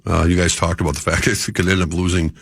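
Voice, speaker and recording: Low-voiced guy on sports radio, coughing from a cold, kinda halting, sticks to his opinion. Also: little pitch movement, vocal fry, no room sound, studio quality. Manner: hesitant, defends his view. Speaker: guest sports analyst. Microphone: studio mic.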